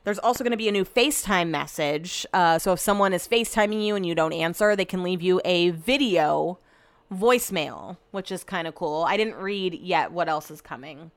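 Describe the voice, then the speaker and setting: A woman's voice: lowish voice, animated, moderate pace, dry recording. A woman in her thirties hosting a podcast alone, rambling casually with lots of fillers and swearing. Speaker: podcast host. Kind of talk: casual solo chat.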